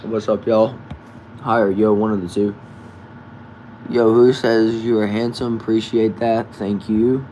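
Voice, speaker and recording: A man casually hosting a live stream from a backyard shed, reading viewers' comments aloud and answering them in a relaxed way. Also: on the low side, a little slow, a little hiss or hum. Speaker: livestream host reading chat.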